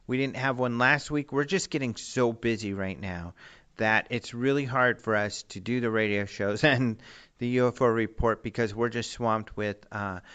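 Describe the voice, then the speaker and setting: A man's voice: mid-range voice, a bit bright, clean tone, dull audio. A young man hosting a radio show, signing off in a rambling, joking, self-deprecating way. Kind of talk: casual radio sign-off chat.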